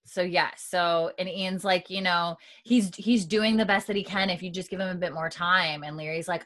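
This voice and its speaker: A woman's voice: fairly low pitch, fairly even intonation, normal speed, hardly any pauses, a bit bright. A woman podcast host giving a chatty, casual episode recap, full of fillers and acted-out lines.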